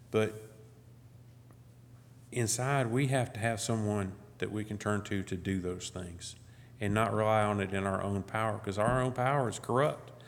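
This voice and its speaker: A man's voice: fairly low pitch, gravelly, a little hiss or hum. A middle-aged man giving a conversational sermon as guest speaker, full of "you know" and restarts. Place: church. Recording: long church hall reverb.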